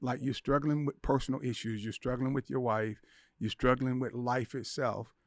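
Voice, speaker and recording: A man's voice: mid-range voice, fairly even intonation, normal speed, no room sound. A middle-aged man, a podcast guest, telling an emotional personal story with intensity, acting out the voices in his head. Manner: intense, acts out inner voices and quotes.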